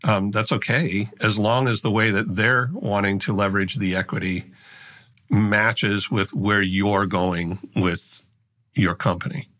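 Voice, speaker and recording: A man's voice: on the low side, steady tone, a little slow, fairly bright tone. A man, a podcast guest, telling a story earnestly and acting out the voices he quotes. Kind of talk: conversational storytelling.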